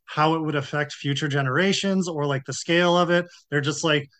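A man on a podcast panel, reflecting in a relaxed way and laughing lightly. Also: a little high, brisk. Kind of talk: casual chat.

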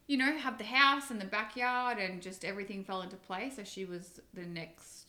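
A woman's voice: medium pitch, steady tone, moderate pace, pushed and bright. A woman co-hosting a podcast in casual chat, swearing freely and laughing as she talks. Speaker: podcast co-host.

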